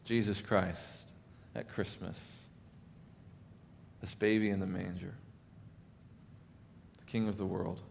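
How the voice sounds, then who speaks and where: A male pastor giving an earnest Christmas sermon, rising in force, then dropping to soft emphasis. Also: deep voice, steady tone, slow, creaky, pauses often, slight background noise.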